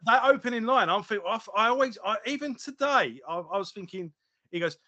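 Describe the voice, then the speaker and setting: A man co-hosting a podcast in casual chat, animated and often laughing as he acts out quotes. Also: high-pitched, fairly quick, dull audio. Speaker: podcast co-host.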